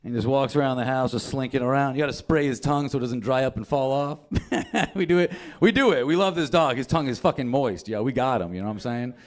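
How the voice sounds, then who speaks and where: A young man telling stand-up stories in a loose, profane, offhand way. He sits at an ordinary middle pitch, chatting as if to friends. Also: fast. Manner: casual, profane, storytelling. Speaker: stand-up comedian. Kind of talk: stand-up comedy set.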